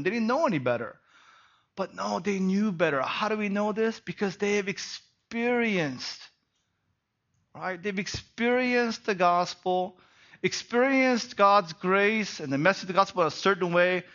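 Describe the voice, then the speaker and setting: A middle-aged man preaching a sermon as pastor, animated and peppered with rhetorical "right?" asides. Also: sits high, dull audio.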